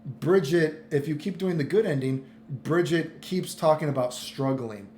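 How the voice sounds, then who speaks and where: An exasperated man rants in casual commentary, stumbling into restarts and swearing as he goes. His voice sits a touch high. The room around him is echoey, with faint noise under it. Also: measured pace, darkish tone. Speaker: commentary vlogger.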